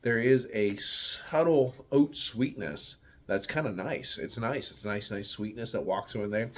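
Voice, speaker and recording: A man's voice: on the low side, measured pace, slight background noise. A man from the United States giving a casual, rambling beer tasting review, searching for words and swearing now and then.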